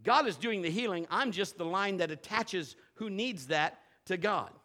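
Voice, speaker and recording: A man preaching a sermon at a church service, animated and playful, moving between loud exhortation and quiet asides. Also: sits high, normal speed.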